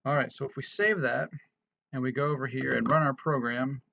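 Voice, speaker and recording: A man's voice: mid-range voice, steady tone, a little fast, gravelly, bright, forceful tone, highs cut off. A man casually walking through a programming tutorial, thinking aloud with frequent restarts and fillers. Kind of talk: casual screen-recorded coding tutorial.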